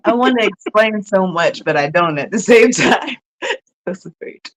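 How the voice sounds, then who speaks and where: A woman comedian sits in as a podcast guest, telling loose stories in a giggly, animated way. She swears casually and keeps the chat light. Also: medium pitch, unhurried, rough recording. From United States.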